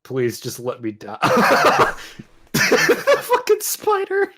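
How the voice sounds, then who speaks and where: A man's voice: extremely high pitch, wildly swooping pitch, very slow, a crowd in the background. A man co-hosting a podcast in casual, profane banter, laughing often and swearing freely. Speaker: podcast co-host.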